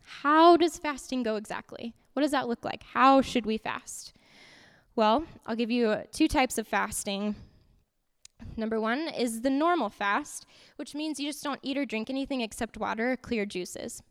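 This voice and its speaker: A woman giving an interactive youth sermon in a church hall, lively and repeating her points to keep the group's attention. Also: on the high side, normal speed, smooth. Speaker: youth teacher. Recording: long hall reverb.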